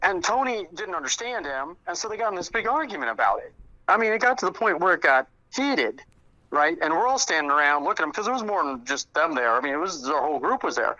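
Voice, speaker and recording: A man, a close friend of the subject, telling anecdotes in a lively conversational way and acting out quoted lines. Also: fairly high pitch, fast, no room sound. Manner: animated, acts out quoted dialogue in raised voices. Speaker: guest, close friend recalling the deceased. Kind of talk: conversational storytelling. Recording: muffled lo-fi audio.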